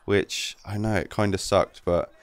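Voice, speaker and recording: A man giving relaxed, rambling commentary over his gameplay as the channel's host. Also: lowish voice, a little slow, clear, resonant tone, no echo.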